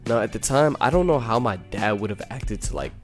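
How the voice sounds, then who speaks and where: A man's voice: lowish voice, expressive, fairly quick, faint music behind. A young man casually narrating a personal story in laid-back, slangy talk full of "you know.". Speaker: storytime YouTuber.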